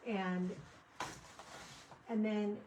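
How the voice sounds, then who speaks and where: A woman talks casually as she works on a craft project, wandering off into stories and restarting her sentences. She sits some way back from the microphone, so her voice sounds slightly distant. Her pitch sits in a middle range. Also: flat delivery, very slow, muffled recording, noisy background. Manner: rambling, chatty, with frequent restarts. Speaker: craft vlogger. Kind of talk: casual chat while crafting. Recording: voice picked up from a distance.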